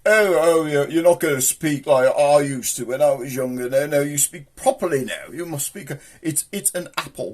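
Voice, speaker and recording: A man's voice: on the high side, expressive, normal speed, hardly any pauses. A man with a Black Country accent hosting a homemade comedy show, rambling and joking in thick dialect. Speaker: puppet comedy show host. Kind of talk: rambling comic chat to viewers.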